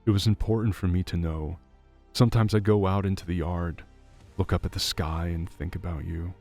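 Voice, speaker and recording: A man's voice: low-pitched, steady tone, moderate pace, a little mellow, soft background music. A man voicing a remorseful ex-convict father who speaks in an anguished, self-reproaching way, in a story reading. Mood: wistful.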